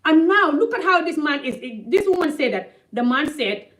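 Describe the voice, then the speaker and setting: A woman from Africa speaks straight to camera in an opinionated vlog. Her voice is fairly high, and her delivery is blunt and emphatic, with points repeated for stress. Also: sing-song, moderate pace, fairly bright tone, poor audio. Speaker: vlogger.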